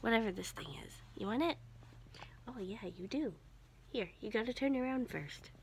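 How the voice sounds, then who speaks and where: A woman vlogging at home, half-whispering so she won't wake people and switching to a high sing-song voice when talking to her dog. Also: animated, normal speed, slight background noise. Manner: often half-whispering to keep quiet. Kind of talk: casual home vlog talking to her pets. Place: home indoors.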